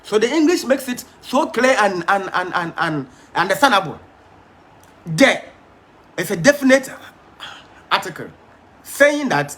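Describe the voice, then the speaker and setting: A man's voice: high voice, animated, unhurried, bright, forceful tone. A man preaching a Bible study sermon, emphatic, stumbling and repeating words, and asking his audience questions.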